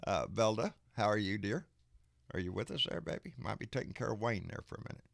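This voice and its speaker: A man's voice: lowish voice, quick pace, creaky, no echo, studio quality. A man from Texas hosting a political livestream, ranting angrily with plenty of profanity and calling guests in. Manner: angry, profane, emphatic ranting. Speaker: live stream host. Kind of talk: political rant and casual chat.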